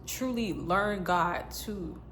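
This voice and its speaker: A woman's voice: mid-range voice, takes it slowly, a bit bright, a little hiss or hum. Earnest woman sharing a faith testimony. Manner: earnest, repetitive, breaks into tears and laughs. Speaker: faith vlogger. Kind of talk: emotional personal testimony.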